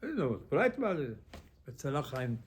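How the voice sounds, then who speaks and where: A man, a rabbi, giving an informal Torah class in halting phrases, full of rhetorical questions. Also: mid-range voice, big pitch swings, a little hiss or hum. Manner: conversational, asks rhetorical questions.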